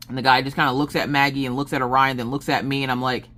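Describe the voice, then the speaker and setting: A woman's voice: very deep voice, little pitch movement, fast talker, few pauses, fairly bright tone. Rambling, chatty woman telling a story. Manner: rambling storyteller with many fillers. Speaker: craft vlogger. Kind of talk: casual chat while crafting.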